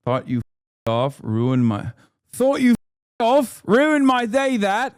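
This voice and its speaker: A man voicing an angry, rude working-class man from Birmingham, with a put-on Birmingham accent, shouting slurred insults in a voice much higher than his own. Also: huge pitch swings, slow pace, clear, resonant tone, dry recording, clean studio sound, exaggerated voice. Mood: irate. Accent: Birmingham (Brummie), put on.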